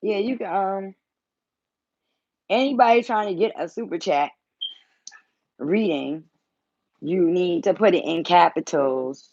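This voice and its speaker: A woman with a lowish voice chats on a livestream from home, blunt and playful, cursing freely. The sound is dry and a little dull, as if from a modest lo-fi mic close to her. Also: a little slow, pauses often, a little mellow, dry recording. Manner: blunt, teasing, swears freely. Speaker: tarot reader and channel host. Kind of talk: casual livestream chat.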